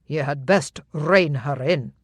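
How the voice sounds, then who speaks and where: A steady Highland laird speaks with calm authority, measured and assertive. An audiobook narrator gives him a slightly louder, firmer delivery. Dry, close recording. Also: slightly rough, no room sound.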